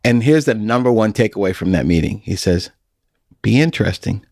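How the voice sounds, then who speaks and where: Middle-aged man, podcast host, folksy storyteller, low voice, dry close sound. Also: expressive, a little fast, gravelly, darkish tone, no echo. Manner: folksy, storytelling, laughs often. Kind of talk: casual podcast chat.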